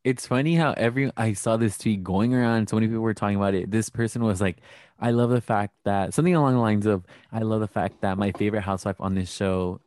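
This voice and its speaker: A man's voice: fairly low pitch, fast, darkish tone, no echo, clean studio sound. A man co-hosting a podcast, giving his opinions on reality TV in casual, chatty talk. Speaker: podcast co-host. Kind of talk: casual recap chat.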